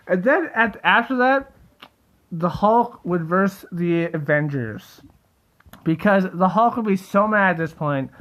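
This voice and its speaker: A young man rambling excitedly in a casual solo video, full of fillers and restarts. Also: high voice, lo-fi sound. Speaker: theory video host.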